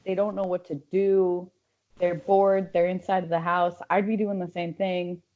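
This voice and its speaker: A woman's voice: on the low side, little pitch movement, moderate pace. A stand-up comedian from Los Angeles with a lisp, a woman chatting casually as a podcast guest, wry and self-deprecating, laughing easily. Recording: slightly dull lo-fi sound.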